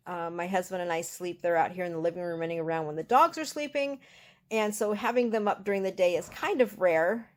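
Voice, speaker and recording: A woman's voice: lowish voice, a little mellow. An older retired woman chatting in a rambling way in a casual home vlog, filmed on a handheld phone in her living room. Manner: chatty, rambling, with many fillers and restarts. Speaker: home crafter and small-business owner. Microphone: handheld phone camera.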